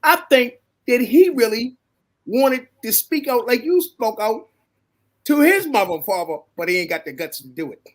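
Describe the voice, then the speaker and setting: A woman from East Baltimore with a Baltimore accent, speaking forcefully and preachily on a talk panel. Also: on the high side, expressive, normal speed. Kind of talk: casual talk show discussion.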